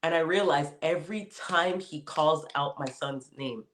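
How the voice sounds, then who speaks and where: Animated, laughing man hosting a podcast. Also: a little high, unhurried, slight background noise. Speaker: podcast host. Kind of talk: casual conversation.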